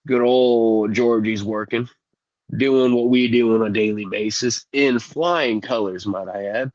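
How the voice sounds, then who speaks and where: A man's voice: mid-range voice, steady tone, measured pace, darkish tone, dry recording, lo-fi sound. A man who is sick, co-hosting a podcast and telling profane, laid-back stories in casual chat. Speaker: podcast co-host.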